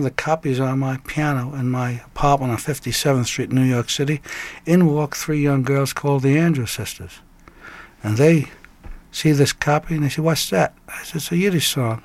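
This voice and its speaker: Older man, lively storyteller. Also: on the high side, moderate pace. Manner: lively raconteur who breaks into snatches of song and laughs. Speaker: guest songwriter. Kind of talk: animated storytelling.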